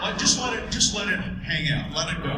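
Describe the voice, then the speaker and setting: A man moderating a convention panel, rambling and halting with many restarts. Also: high-pitched, animated, distant mic. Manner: rambling, full of hesitations. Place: large convention hall. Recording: echoey hall from afar, loud noise.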